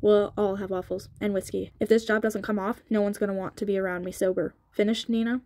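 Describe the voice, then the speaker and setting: A woman's voice: medium pitch, level tone, brisk, dark tone, lightly acted. A woman reading as a curt young gang boss. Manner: curt and commanding. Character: cold, clipped young male gang leader. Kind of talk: audiobook reading, sped up.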